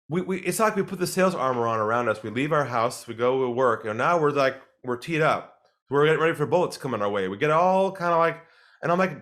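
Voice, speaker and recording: A man being interviewed as a sales expert, speaking calmly and deliberately and acting out the people he quotes. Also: medium pitch.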